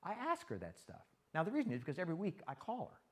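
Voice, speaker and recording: Folksy older pastor, lively delivery. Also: male voice, fairly high pitch, fast. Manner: folksy, animated, quotes people in his stories. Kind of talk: conversational sermon with storytelling.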